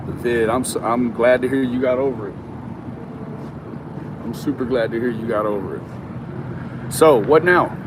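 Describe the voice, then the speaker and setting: Male vlogger, mid-pitched, unhurried and filler-heavy, phone mic on a noisy street. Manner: slow and rambling, many ums. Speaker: live-streaming vlogger. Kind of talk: casual live-stream chat. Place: outdoors and in a store.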